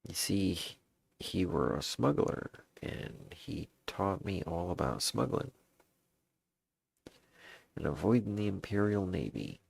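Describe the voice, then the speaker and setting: Gruff old sea-captain, put on by a man, Southern drawl, raspy-husky, game journal reading. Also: low voice, very animated, a little mellow, exaggerated voice. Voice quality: gravelly, drawn-out pirate speech. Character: boastful old male pirate captain, gruff.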